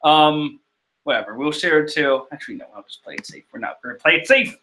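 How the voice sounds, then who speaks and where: A bright, forceful man's voice, pitched a touch high, talks over a screen-shared manga chapter. He rambles, swears, laughs at himself and gets excited about the big moments. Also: fairly quick. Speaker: manga chapter reader and reactor. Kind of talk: casual rambling commentary.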